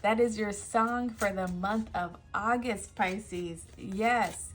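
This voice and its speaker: A woman's voice: medium pitch, slow. A woman giving a casual tarot reading, emphatic, often laughing and sighing. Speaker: tarot reader.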